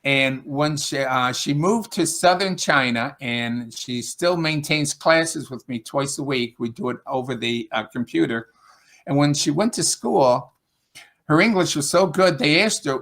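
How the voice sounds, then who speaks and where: Talking about his work teaching English, a man with an upstate New York accent rambles on a casual video call, using fillers and starting over. He speaks a little slowly, with a fairly high pitch and a fairly bright tone.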